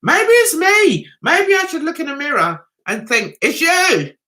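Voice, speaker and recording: A woman's voice: high-pitched, wildly swooping pitch, normal speed, pushed and bright. A middle-aged woman hosting a casual livestream, chatty and self-mocking, laughing often as she greets viewers. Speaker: livestream host reading viewer chat.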